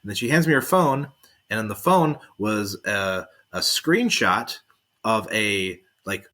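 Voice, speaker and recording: A man co-hosting a podcast, telling a casual story in a deadpan way and acting out other people's lines. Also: fairly low pitch, unhurried. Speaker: podcast co-host.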